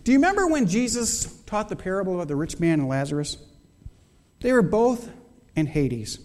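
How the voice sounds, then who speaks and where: A man preaching a sermon as a pastor, measured and emphatic, posing rhetorical questions to his congregation. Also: high-pitched, very animated, darkish tone. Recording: long reverb of a hall.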